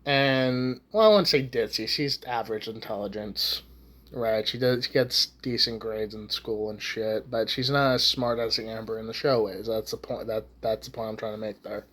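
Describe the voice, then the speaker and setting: A man's voice: lowish voice, normal speed, a bit bright. A young man ranting casually to camera, rambling with lots of swearing and false starts. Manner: profane, rambling, with many restarts and fillers. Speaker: YouTube ranter.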